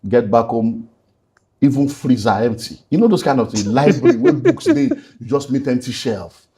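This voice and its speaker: A man's voice: mid-range voice, big pitch swings, normal speed, dark tone. Nigerian man, middle-aged, pastor guest, earnest testimony with Pidgin asides. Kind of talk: emotional personal testimony.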